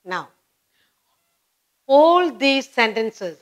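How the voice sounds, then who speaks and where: A woman with an Indian English accent teaching a grammar lesson, slowly and patiently repeating example sentences. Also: mid-range voice, lively intonation.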